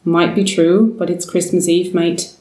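A woman's voice: fairly low pitch, level tone, unhurried, darkish tone, close to an everyday voice. Woman doing a slangy little sewer rat. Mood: cheeky. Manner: slangy, calls people mate. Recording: roomy, distant mic.

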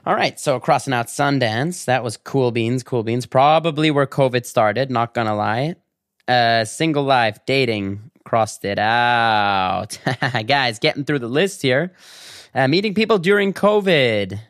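A man talks straight to camera in a casual comedic vlog, spinning stories with fast asides and sudden animated jumps. His voice sits mid-range, and the recording is close and completely dry, with no room sound behind him. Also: mid-range voice, no echo. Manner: animated storytelling with quick asides and bursts of laughter. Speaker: vlogger.

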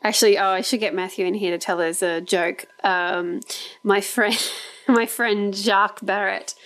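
A woman's voice: medium pitch, fairly even intonation, a little slow, fairly bright tone. A woman hosting a travel podcast, chatting casually, laughing often and restarting her sentences. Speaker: podcast host. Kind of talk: casual chat.

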